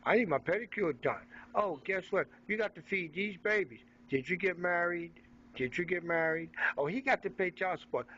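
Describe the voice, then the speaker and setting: A man's voice: sits high, normal speed, fairly bright tone, muffled recording, a little hiss or hum, pitched above the performer's own voice. A man putting on the voice of a scolding, demanding woman who nags a man, in a raised whiny tone. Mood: nagging.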